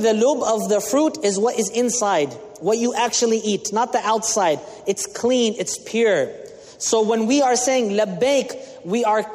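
A man's voice: extremely high pitch, darkish tone. A man giving a sermon as an imam, explaining Arabic terms with English glosses and asking the audience questions. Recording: long reverb of a large hall.

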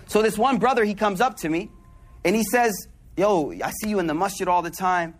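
Male preacher, high voice, conversational storytelling sermon, animated with quiet asides. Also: brisk, soft background music.

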